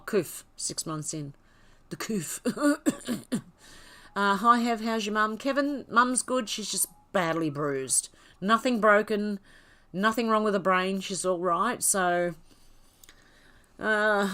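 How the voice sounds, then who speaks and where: A middle-aged woman hosts a relaxed livestream from home, answering viewers' comments one by one. Her voice sits slightly low. She talks candidly, giggling often between remarks. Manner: chatty and candid, with frequent giggles. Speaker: livestream host. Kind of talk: casual livestream, reading viewer chat aloud.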